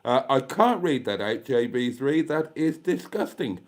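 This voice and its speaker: Indoors at home, this YouTube host from Britain chats his way through viewer comments with camp, self-deprecating humour. He speaks at a measured pace in a medium-pitched, animated voice.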